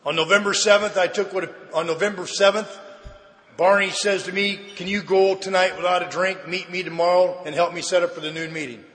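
Bright-voiced man telling his story in an echoey hall. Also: sits high, brisk. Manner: lively storyteller who acts out the dialogue. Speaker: speaker sharing his recovery story. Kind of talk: personal testimony at a recovery meeting.

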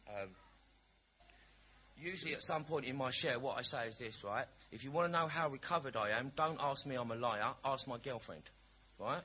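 A man's voice: mid-range voice, bright, forceful tone, a little hiss or hum. A man giving a frank, humorous personal testimony at a recovery meeting. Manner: candid, storytelling, cheeky humour.

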